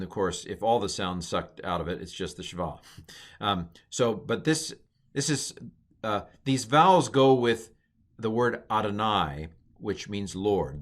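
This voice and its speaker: A man with a fairly low voice teaches an informal recorded lesson. He rambles a little, corrects himself often and fills the pauses with ums. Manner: relaxed, rambling, self-correcting, many ums. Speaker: Hebrew teacher.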